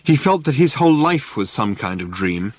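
Measured, expressive male storyteller. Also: mid-range voice, dry recording. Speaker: audiobook narrator. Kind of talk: scripted narration.

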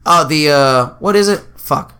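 Bright-voiced young man telling profane stories. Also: on the high side, a little slow, clear, resonant tone. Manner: profane, animated storyteller, acts out quotes. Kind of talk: casual chat.

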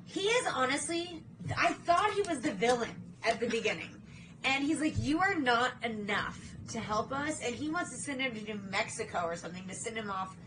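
A woman's voice: a little high, expressive, a little fast, background noise. A young woman co-hosting a podcast, chatting casually and animatedly, swearing freely and acting out movie scenes. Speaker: podcast co-host. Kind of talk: casual chat.

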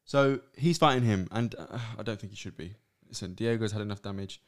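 Podcast guy talking fast, joking around, reading out listener emails. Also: lowish voice. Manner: quick, joking, reads listener questions aloud. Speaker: podcast co-host. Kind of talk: casual chat.

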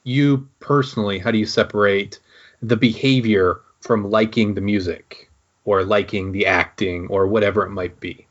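A man asking interview questions in casual podcast chat. He is measured and hesitant, with frequent ums. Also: on the low side, steady tone. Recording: dull, lo-fi recording.

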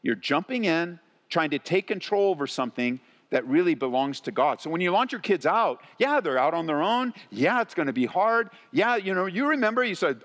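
A male pastor preaching a sermon, acting out worried parents in quick asides and moving between loud emphasis and quiet appeals. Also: a little high, big pitch swings. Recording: long reverb of a large hall.

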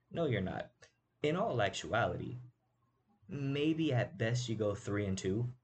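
Low-voiced guy ranting about football on his show, punchy and emphatic, little hiss behind. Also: a little mellow. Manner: emphatic, rhetorical asides. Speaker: sports show host. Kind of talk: casual sports commentary.

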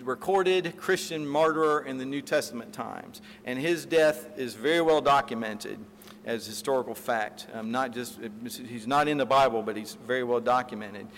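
A pastor delivering a sermon, telling a story with animated retellings and acted-out quotes, then closing in prayer. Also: male voice, mid-range voice, normal speed. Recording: reverberant hall, faint room noise.

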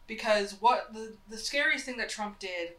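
A woman's voice: medium pitch, moderate pace, pushed and bright. Chatty woman with a nasal voice, roomy sound. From North Carolina. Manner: rambling, chatty, frequent fillers and restarts. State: nasal from a cold. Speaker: podcast co-host. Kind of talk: casual opinionated chat.

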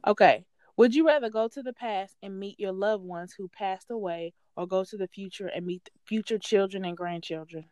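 A woman's voice: medium pitch, moderate pace, hardly any pauses, a little mellow, no room sound. Young woman podcast host, playful, laughs a lot, dry close mic. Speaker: podcast host asking questions. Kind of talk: casual podcast chat.

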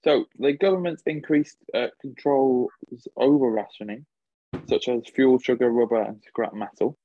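A man co-hosting a history podcast in an easygoing way, often agreeing and filling pauses. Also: mid-range voice, highs cut off, a little hiss or hum. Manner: easygoing, with many fillers and agreeing interjections. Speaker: podcast co-host. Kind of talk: casual history podcast discussion.

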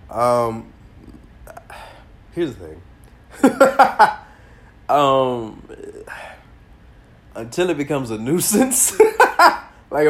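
Solo podcast host, male, stuffy nose, loose profane storyteller who gets loud when excited. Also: lowish voice. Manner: animated storytelling, slangy and profane, bursts of laughter. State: congested. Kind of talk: casual solo podcast monologue.

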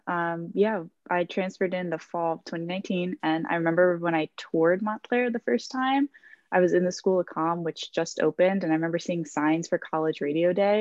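A woman in her twenties, a student guest on a college radio interview, soft-spoken and earnest. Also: fairly low pitch, dry recording. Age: 20s. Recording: dull, lo-fi line.

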